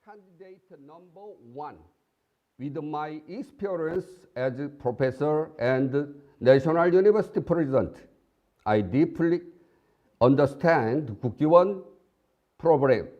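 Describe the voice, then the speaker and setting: A man giving a live English interpretation of a formal debate, in short deliberate phrases, on dull, muffled audio. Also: on the high side, animated.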